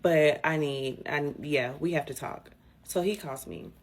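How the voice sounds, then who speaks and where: A woman telling a personal story in an indignant, animated rant with swearing. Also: low voice, a little slow.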